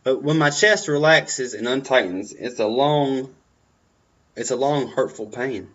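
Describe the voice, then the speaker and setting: A man's voice: medium pitch, expressive, unhurried, fairly bright tone. A young man giving earnest, encouraging advice in a personal talk, often repeating his phrases. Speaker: vlogger. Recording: dull lo-fi sound.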